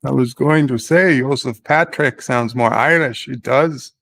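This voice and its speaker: A man's voice: mid-range voice, measured pace, creaky, fairly bright tone. A man chatting casually on a podcast, joking around in a put-on Scottish accent. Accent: fake Scottish. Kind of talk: casual chat.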